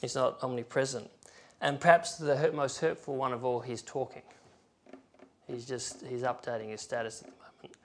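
A man preaching a sermon in a church, reading scripture aloud with emphatic swings from loud to soft. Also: mid-range voice, steady tone, moderate pace. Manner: emphatic, rising and falling loudness, reads scripture aloud.

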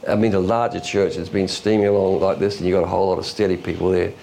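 A man preaching a sermon in a folksy, illustrative way, with quick asides and chuckles. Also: sits low, level tone, gravelly, warm tone, a little hiss or hum. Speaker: pastor.

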